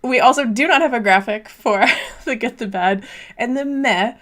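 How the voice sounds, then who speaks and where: A woman's voice: on the high side, normal speed, fairly bright tone. A woman co-hosting a casual live-stream chat on a video call, chatty and laughing often. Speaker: co-host of a live-stream show.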